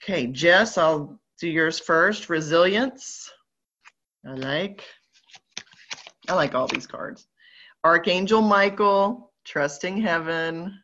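Speaking slowly with long pauses, a woman with a lowish, a bit bright voice and a Southern American accent leads a live online group through an oracle card reading. She's upbeat and playful, and the slightly dull lo-fi audio has a little hiss or hum.

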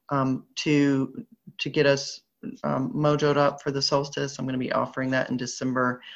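A woman with a Southern American accent, chatting upbeat and playful as she leads a live online group and reads oracle cards aloud. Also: rumbling low. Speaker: spiritual group leader. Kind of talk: live online card reading. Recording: slightly dull lo-fi audio.

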